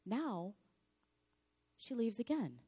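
A slightly hoarse woman pastor giving a sermon in a dramatic, animated storytelling manner. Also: a little high, slow pace.

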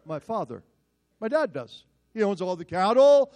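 Man, pastor, storytelling sermon, animated, self-mocking, fairly high pitch. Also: normal speed.

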